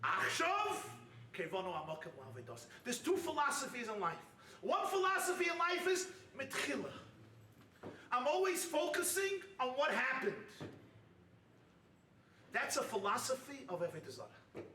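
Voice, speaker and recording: Rabbi, male, lively preacher, high bright voice, heard from afar in an echoey hall. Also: moderate pace, pauses often, far from the mic, slight background noise. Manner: animated, acts out quoted voices, jokes. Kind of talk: sermon. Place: retreat hall with audience.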